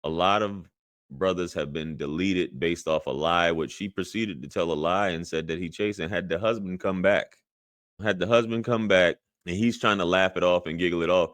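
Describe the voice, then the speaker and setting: Deep-voiced man giving indignant commentary. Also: moderate pace, fairly bright tone, dry recording. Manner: indignant, emphatic, repeats lines for effect. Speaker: podcast host reacting to clips. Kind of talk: commentary on a video clip.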